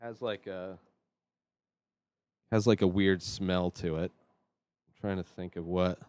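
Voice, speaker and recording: A man hosting his own vlog, nervous and rambling with many fillers, swinging between quiet mutters and loud outbursts. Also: sits low, fairly even intonation, slow pace, clear, resonant tone, no room sound. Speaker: show host. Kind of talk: casual solo vlog.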